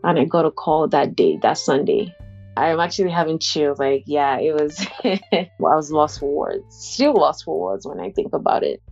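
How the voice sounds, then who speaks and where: Low-voiced woman telling her own story. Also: lively intonation, gravelly, darkish tone, breathy edge, muffled recording, faint music behind. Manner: halting, conversational, many "like" fillers and restarts. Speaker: interviewee sharing a personal story. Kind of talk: candid personal testimony.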